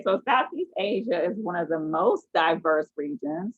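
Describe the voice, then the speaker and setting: A woman with a low, husky voice leads an online class, questioning her students and telling stories with animation. The sound is dry and thin, like a tinny video call line. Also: lively intonation, normal speed, few pauses, dry recording. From United States. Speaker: teacher.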